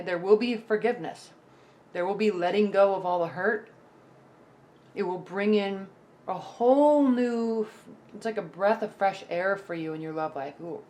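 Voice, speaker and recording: A woman's voice: mid-range voice, a little mellow. A woman giving a casual tarot forecast to camera. She talks in a loose, reassuring way, restarts often and keeps checking in with "okay?" and "right?". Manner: loose and chatty, with frequent restarts. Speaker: tarot reader.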